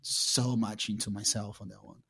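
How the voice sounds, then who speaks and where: Gravelly-voiced man telling a story. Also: fairly low pitch, normal speed. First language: Portuguese. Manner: animated storyteller, acts out his own past lines. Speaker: guest, jiu-jitsu champion. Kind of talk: casual storytelling interview.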